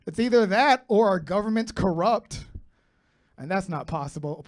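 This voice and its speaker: A man's voice: high-pitched, lively intonation, normal speed. A man in his thirties doing a profane stand-up comedy set, bantering brashly with the crowd. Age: 30s. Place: comedy club stage with live audience.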